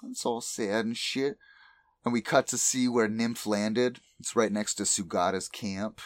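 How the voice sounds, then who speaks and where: A man's voice: fairly low pitch, measured pace, dry recording. A man casually recapping an anime plot on a podcast, swearing freely as he talks. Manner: profane, animated recapping. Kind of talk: casual chat.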